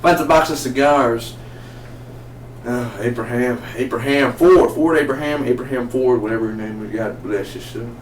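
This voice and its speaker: A man giving a casual, excitable TV review, rambling and asking his viewers questions, recorded in a roomy space from a distance. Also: mid-range voice, normal speed. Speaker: TV show reviewer. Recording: roomy, distant mic, faint noise.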